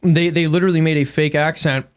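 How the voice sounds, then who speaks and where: A man's voice: on the high side, fairly even intonation, fast talker, smooth. An American man chatting as a podcast guest, musing aloud at length with many restarts. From United States. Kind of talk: casual chat.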